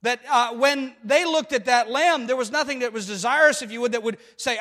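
High-voiced preacher in a reverberant hall. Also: male voice, brisk, few pauses, bright, forceful tone. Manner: emphatic preaching, rhetorical questions to the congregation. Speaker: pastor. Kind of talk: sermon.

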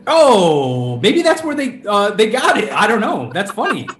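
A man's voice: sits high, wildly swooping pitch, measured pace, fairly bright tone, reverberant. A man with a Minnesota accent, a musician guest chatting casually from home, friendly and laid-back, laughing often. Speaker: band member guest. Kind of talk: casual interview chat.

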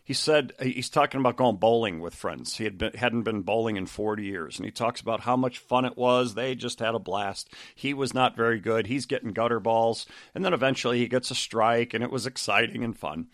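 A man's voice: medium pitch, fairly quick, hardly any pauses, fairly bright tone, dry recording, clean studio sound. A middle-aged man, a coach and podcast host, talking casually about a book, rambling with lots of fillers and restarts.

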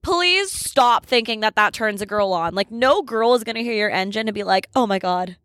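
A woman's voice: medium pitch, lively intonation, normal speed, fairly bright tone, no echo, clean studio sound. A young woman hosting a podcast in a candid, casual chat, laughing often and swearing freely. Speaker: podcast host.

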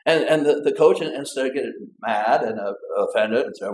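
A man's voice: medium pitch, fairly quick, darkish tone, a little hiss or hum. A male pastor preaching a sermon in a loose, conversational way, often repeating words and asking rhetorical tag questions. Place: church. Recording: echoey church room.

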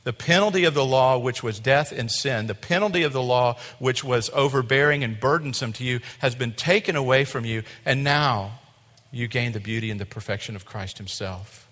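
A male pastor preaching a sermon, animated, acting out voices and dropping to a quiet tone at times. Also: medium pitch, normal speed. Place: church sanctuary. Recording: long hall reverb.

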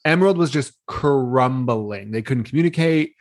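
A man's voice: mid-range voice, lively intonation, normal speed, no echo. Chatty young man recapping shows, dry sound. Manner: chatty, laughs often, acts out quoted lines. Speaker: podcast co-host. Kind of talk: casual chat recapping reality TV.

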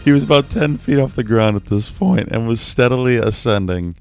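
A young man with a low voice casually spins a story, kept quiet at home at night, with faint music behind him. He laughs at himself and breaks off with sheepish apologies. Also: lively intonation, normal speed, creaky.

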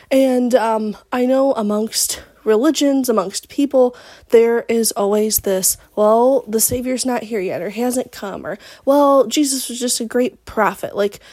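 A woman's voice: fairly high pitch, a little mellow, no echo. A young woman hosting a devotional podcast, talking casually and earnestly with lots of "like" fillers and rising enthusiasm.

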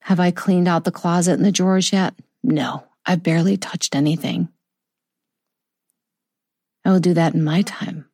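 A middle-aged woman speaking softly and slowly about a personal loss in a heartfelt, reflective monologue. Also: lowish voice, no room sound, studio quality. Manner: soft, slow and heartfelt, with tender pauses. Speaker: vlogger sharing a personal story.

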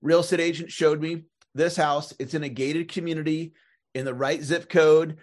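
Man, slightly high pitch, sales trainer, podcast co-host, measured, reflective. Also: fairly even intonation. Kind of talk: podcast conversation.

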